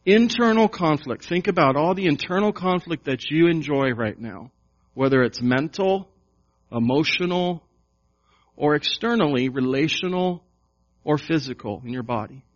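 A man preaching a sermon to his congregation, slow and emphatic, with repeated questions. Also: on the high side, expressive. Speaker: pastor. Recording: dull lo-fi sound.

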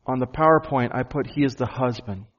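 Male pastor in the pulpit, mid-pitched, earnest, leans on key words; dull lo-fi recording. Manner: earnest preaching, slows and stresses key phrases. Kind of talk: sermon. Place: church.

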